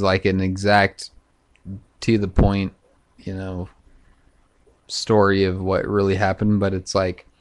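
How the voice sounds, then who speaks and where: A man talking in a loose, profane, halting monologue full of fillers, vlogging to camera. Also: lowish voice. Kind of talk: casual rambling monologue.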